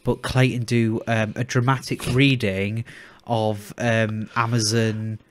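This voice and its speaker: A man's voice: lowish voice, little pitch movement, takes it slowly, a little hiss or hum. A young man, co-hosting a casual chat podcast and rambling with many restarts. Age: young adult. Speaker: podcast co-host.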